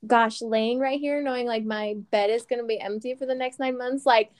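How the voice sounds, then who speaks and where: A woman's voice: on the high side, steady tone, brisk, darkish tone, smooth. A woman in her thirties co-hosting a casual chat, frank and chatty, laughing often and swearing lightly. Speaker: podcast co-host.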